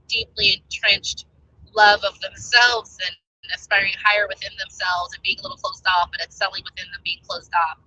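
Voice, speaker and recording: A woman's voice: mid-range voice, sharp tone, slightly rough, no room sound, rough recording. An American woman talking casually as a travel vlogger, rambling and chatty with many fillers. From United States. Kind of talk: casual chat.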